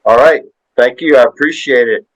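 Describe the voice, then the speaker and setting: A man's voice: mid-range voice, normal speed, poor audio. A man in his sixties, a podcast guest, telling a story in a rambling, folksy way with lots of tag questions. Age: 60s. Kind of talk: casual storytelling chat.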